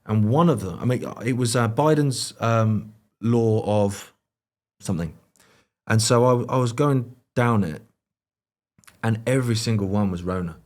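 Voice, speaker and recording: A British man with a lowish voice talks as a guest in a relaxed podcast chat. He rambles through anecdotes, circling back with fillers and restarts. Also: measured pace. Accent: British English. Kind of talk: casual conversational chat.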